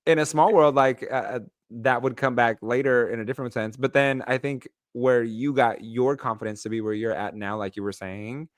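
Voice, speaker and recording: A man co-hosting a podcast, telling stories in a playful, emphatic, animated way. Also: mid-range voice, normal speed, few pauses, no echo, clean studio sound. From Los Angeles. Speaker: podcast co-host. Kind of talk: casual chat.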